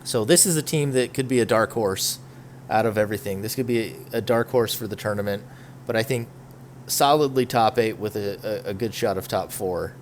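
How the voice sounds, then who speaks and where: A man's voice: lowish voice, a little fast, slight background noise. Chatty man hosting a gaming podcast. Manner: chatty, opinionated, rambling. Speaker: podcast host. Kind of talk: casual esports podcast chat.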